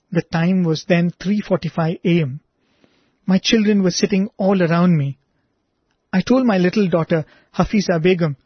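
A man reading a personal testimony aloud in an earnest, measured way, then speaking reflectively to listeners as a presenter. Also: sits high, slightly rough, dry recording. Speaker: devotional radio presenter. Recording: dry, slightly dull lo-fi recording.

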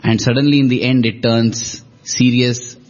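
A man's voice: medium pitch, little pitch movement, moderate pace, a little mellow. A man, joining a conversation about devotional stories and recalling an episode of his own. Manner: attentive, responds with short affirmations. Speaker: co-host in a devotional talk. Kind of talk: conversational discussion. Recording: dull lo-fi audio.

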